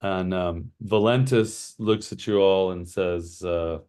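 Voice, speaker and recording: A man runs a tabletop game in a slow, halting way, with his low voice dotted with fillers as he sets each scene. He takes his time over every line. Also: fairly even intonation, darkish tone, clear, resonant tone. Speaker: game master.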